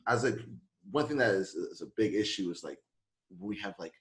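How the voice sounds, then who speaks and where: Lowish-voiced guy, easygoing, always "you know what i mean". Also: animated, brisk. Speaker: podcast co-host. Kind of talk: casual podcast discussion.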